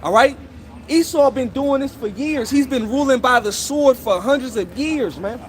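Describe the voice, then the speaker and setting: A man's voice: extremely high pitch, normal speed, slight background noise. A man street preaching outdoors in a scolding, confrontational way, tagging almost every phrase with "all right?" or "okay?". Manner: scolding, accusing listeners directly.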